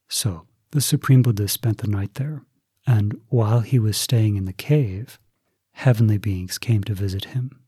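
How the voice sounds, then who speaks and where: A male Buddhist preacher tells a story slowly and deliberately. His voice is dark and husky, and the recording is dry and close, with no room sound. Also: fairly low pitch, no room sound. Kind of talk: sermon storytelling.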